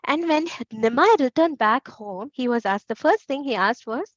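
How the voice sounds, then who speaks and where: A woman teaching a children's class, telling a story and asking the kids questions in an animated way. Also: high voice, moderate pace, hardly any pauses, dry recording, highs cut off.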